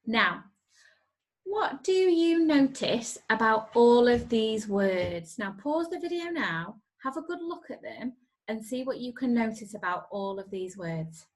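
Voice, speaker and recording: Woman, primary teacher, recorded spelling lesson; slow, clear, encouraging delivery. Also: fairly high pitch.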